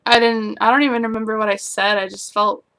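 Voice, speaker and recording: A young woman with a slightly high voice vents about her worries in a casual personal vlog. She rambles anxiously, sentences breaking off and sinking into quiet, murmured stretches. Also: flat delivery, fast. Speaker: vlogger.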